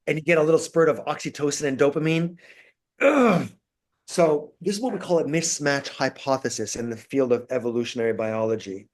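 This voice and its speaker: Animated man telling stories. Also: medium pitch. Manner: animated storyteller, acts out quotes. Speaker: guest, university lecturer. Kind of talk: casual interview.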